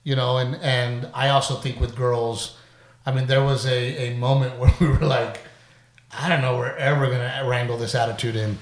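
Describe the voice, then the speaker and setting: A middle-aged man hosting a podcast in casual chat, animated and quick to laugh, with the odd curse. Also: medium pitch. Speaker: podcast host. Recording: roomy echo.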